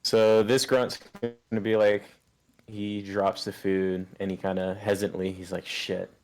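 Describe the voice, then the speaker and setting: A man narrating as game master in a relaxed, plain-spoken way. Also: on the low side, a little slow.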